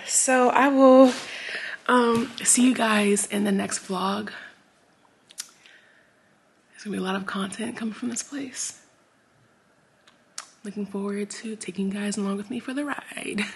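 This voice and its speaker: A woman's voice: mid-range voice, slight background noise. A young woman vlogging casually, often laughing and exclaiming in disbelief. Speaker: lifestyle vlogger. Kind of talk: casual vlog chat.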